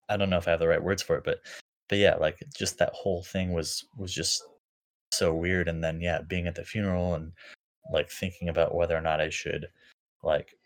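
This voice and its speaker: Low-voiced man musing haltingly. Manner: halting, full of fillers and restarts. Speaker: podcast co-host. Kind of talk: casual reflective chat.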